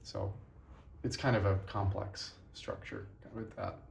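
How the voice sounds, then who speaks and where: A man's voice: fairly low pitch, fairly even intonation, slow, vocal fry, reverberant, slight background noise. A tired young man teaching a casual language lesson, rambling and correcting himself as he goes.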